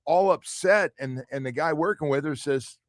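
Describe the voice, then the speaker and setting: A middle-aged man hosting a sports talk radio show, chatting casually and telling animated stories with quoted asides. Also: moderate pace, no echo, clean studio sound. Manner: animated storyteller, drops into low quoted asides.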